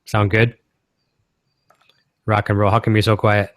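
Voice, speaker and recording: A man's voice: on the low side, monotone, measured pace, no echo. A man from Canada hosting a casual guitar-gear livestream, talking in an enthusiastic, rambling way.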